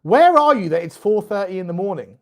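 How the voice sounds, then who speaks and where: Brisk and fairly high-voiced, a man hosting a football watchalong for fans talks loosely with his viewers and reads out their comments. He periodically swings into loud, excited shouting at the referee and at near misses.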